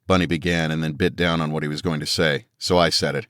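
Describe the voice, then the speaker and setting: A man's voice: extremely low pitch, fairly even intonation, fairly quick, few pauses, fairly bright tone, dry recording, studio quality. A man reading a first-person action audiobook in a tense, dramatic storytelling manner. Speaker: audiobook narrator. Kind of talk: first-person scripted narration.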